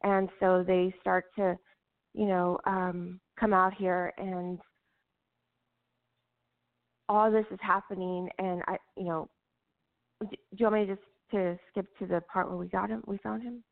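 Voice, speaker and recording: Woman, middle-aged, halting emotional storytelling, lots of fillers, tinny phone sound. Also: medium pitch, flat delivery, gravelly. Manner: halting, many fillers and restarts. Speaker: guest recounting a personal story. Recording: tinny phone-line audio.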